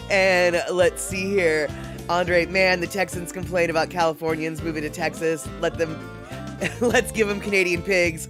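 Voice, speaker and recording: Over music, a livestream host with a mid-range, fairly even voice chats casually at a measured pace. They read out viewers' comments and ramble along, dropping lots of fillers and little laughs.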